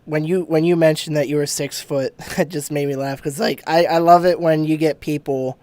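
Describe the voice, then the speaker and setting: High-voiced man chatting with laughs. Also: steady tone, moderate pace, a little mellow, dry recording. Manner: laughing, rambling, easygoing. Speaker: podcast host. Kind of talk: casual chat.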